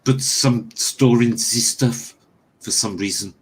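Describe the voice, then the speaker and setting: A man chatting casually as a player at a tabletop game, making slow, dry remarks. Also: medium pitch, slightly rough.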